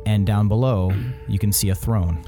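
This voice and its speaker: A man narrating a tabletop game as game master, relaxed and chuckling often. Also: lowish voice, moderate pace, faint music behind.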